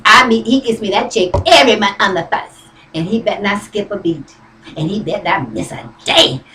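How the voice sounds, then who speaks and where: A woman's voice: a little high, a bit bright. A woman telling a comic story in a sassy, folksy monologue, often calling her listeners honey. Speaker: comedian. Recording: roomy, from a distance.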